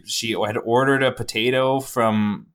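A man's voice: medium pitch, steady tone, unhurried, fairly bright tone. A man co-hosting a podcast, telling a rambling story in casual chat and swearing freely. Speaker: podcast co-host.

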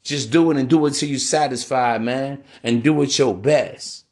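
A man's voice: medium pitch, moderate pace, darkish tone. A man hosting a podcast monologue, preachy and casual, with slang and constant "man" and "bro.". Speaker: podcast host.

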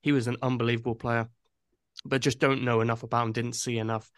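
A man's voice: medium pitch, level tone, fast, clean tone, no room sound, studio quality. Chatty man hosting a podcast. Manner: chatty, loose, with many fillers and restarts. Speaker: podcast host. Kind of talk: casual football podcast chat.

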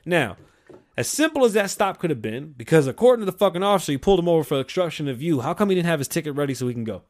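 A man's voice: a little high, very animated, racing, a little mellow. A man hosting a podcast, delivering a heated, profane comedic rant and acting out the people he quotes. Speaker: podcast host.

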